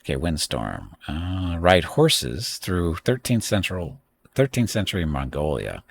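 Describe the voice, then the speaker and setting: A man's voice: low voice, sing-song, a little slow, gravelly, slight background noise. A middle-aged man streaming live, rambling through a games list with opinionated asides to chat. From United States. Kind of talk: casual live-stream commentary.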